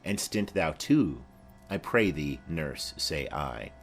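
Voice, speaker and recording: A man's voice: extremely low pitch, very animated, slow, faint music behind, pitched below the performer's own voice, heavily acted. A man voicing a dutiful, demure young noble girl in a dramatic reading of a play.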